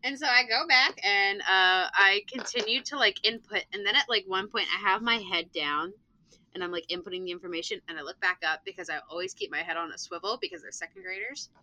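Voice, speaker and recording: A young woman, a teacher, telling a classroom story in animated casual chat, swearing freely and acting out the voices. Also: medium pitch, fairly quick, poor audio. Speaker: elementary school teacher and podcast player.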